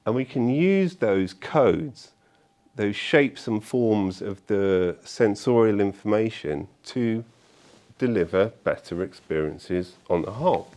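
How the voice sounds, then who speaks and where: A man speaking to an audience at a meetup, telling stories in a chatty, animated way with fillers and frequent tag questions. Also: lowish voice, takes it slowly. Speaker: conference speaker. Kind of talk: live talk to an audience. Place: meetup event room.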